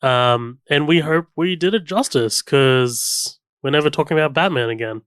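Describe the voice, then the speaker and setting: A man's voice: on the high side, moderate pace, a bit bright, clear, resonant tone, no echo, clean studio sound. A man co-hosting a film podcast, rambling casually with many "like"s and restarts. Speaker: podcast co-host. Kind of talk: casual chat.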